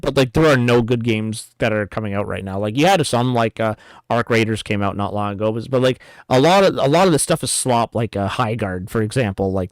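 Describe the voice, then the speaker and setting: A man's voice: medium pitch, no echo. Chatty male reaction host, dry close sound, rambles and restarts. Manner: rambling, stops and restarts often, reads comments aloud. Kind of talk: casual reaction commentary.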